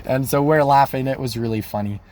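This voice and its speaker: A man's voice: medium pitch, fairly quick, a little mellow. A young man, a college student, casually rambling through a dating story, full of "like", self-corrections and easy laughs. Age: young adult.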